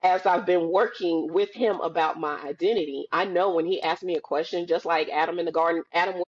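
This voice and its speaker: Woman, podcast guest, casual chat, low-pitched voice, animated storytelling, dull lo-fi call audio. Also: brisk, breathy edge. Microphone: video call.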